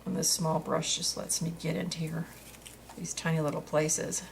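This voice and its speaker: A woman's voice: low-pitched, flat delivery, moderate pace, gravelly, slight background noise. A woman talking through a craft tutorial in a chatty way while she works, with frequent fillers and restarts.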